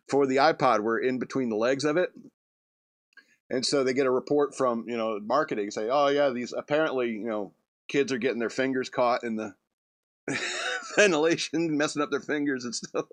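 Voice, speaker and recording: A man's voice: mid-range voice, no echo. A man hosting a comedy radio show, rambling through a loose monologue with restarts and chuckles.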